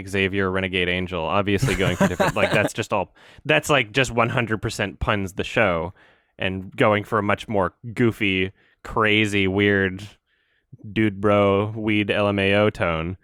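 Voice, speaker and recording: A man co-hosting a podcast talks through a film in a loose, rambling way and laughs often. His voice sits low and sounds smooth and clear, recorded dry and close. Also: unhurried, a bit bright, no echo. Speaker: podcast co-host. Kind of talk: casual film discussion.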